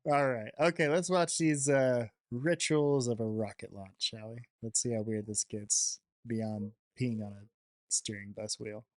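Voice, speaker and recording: A man's voice: medium pitch, steady tone, unhurried, dry recording. A man hosting a podcast, bantering casually and laughing easily. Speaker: podcast host.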